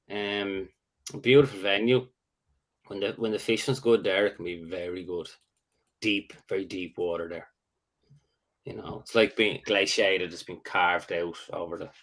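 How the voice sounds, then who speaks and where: A man telling a fishing story in a casual, rambling chat, halting and restarting, then getting animated as the story builds. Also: lowish voice. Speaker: angler host.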